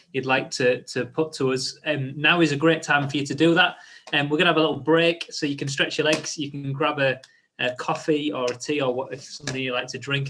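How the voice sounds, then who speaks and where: A man's voice: medium pitch, bright, forceful tone. A man hosting a livestreamed church event, friendly, with many "um" fillers. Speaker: event host.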